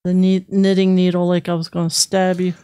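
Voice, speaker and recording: A woman's voice: fairly low pitch, flat delivery, brisk, warm tone, clear, resonant tone. A woman hosting a live craft stream, chatting playfully and laughing often. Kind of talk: casual chat.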